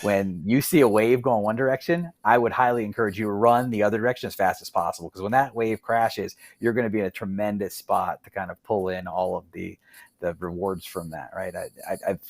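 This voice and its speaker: A middle-aged man, a guest in a casual interview, making animated, opinionated points and tagging them with "right?". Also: lowish voice, a little fast, dry recording.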